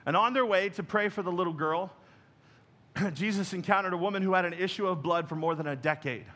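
A man's voice: sits high, a little fast, sharp tone. A man preaching to his congregation in a conversational style, talking to them directly. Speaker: pastor. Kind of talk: sermon. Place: church.

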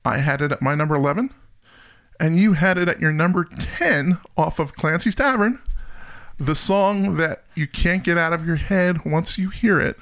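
A chatty man with a slightly high, gravelly voice talks through his picks in a relaxed podcast conversation. He laughs often and keeps an easygoing tone. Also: moderate pace. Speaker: podcast co-host. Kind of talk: casual chat.

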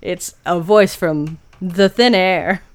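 A woman's voice: on the low side, slow, slight background noise. Woman podcaster, laughs a lot, curses, chatty ghost stories vibe. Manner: laughing, swearing, animated storytelling. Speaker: podcast co-host. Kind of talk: casual chat.

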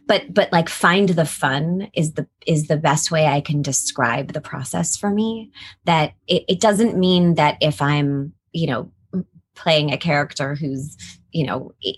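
In a casual interview chat, a middle-aged woman who works as a voice actor speaks as the guest, animated and talkative, with frequent laughter. Her voice is low and slightly rough.

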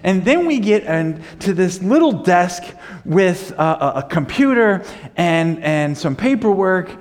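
A man's voice: high-pitched, very animated, a little slow. A man preaching a sermon, telling a story with casual fillers and then building to fervent, emphatic preaching. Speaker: pastor. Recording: long hall reverb.

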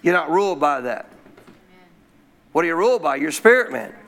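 A man with a high voice preaches a sermon to a congregation. He keeps calling out questions for the room to answer and draws out key phrases slowly for emphasis. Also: very animated, vocal fry, fairly bright tone. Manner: call-and-response preaching with frequent questions to the congregation; slows to stress key phrases. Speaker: pastor.

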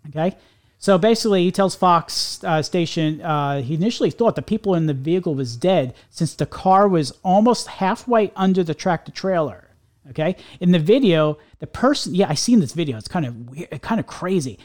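A man's voice: on the high side, lively intonation, normal speed, a little mellow. A middle-aged man co-hosting a podcast, ranting casually and rambling with lots of restarts. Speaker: podcast co-host.

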